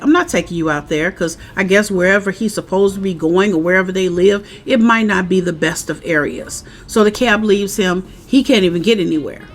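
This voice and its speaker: Chatty woman recapping a TV episode. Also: mid-range voice. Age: adult parent. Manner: chatty, animated, acts out characters' lines. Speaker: show recap vlogger. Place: outdoors, windy.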